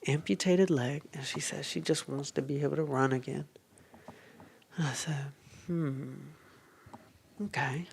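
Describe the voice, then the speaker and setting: A man, a podcast guest telling a story with animated quotes and whispered asides. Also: a little high, measured pace, gravelly, pauses often, breathy edge.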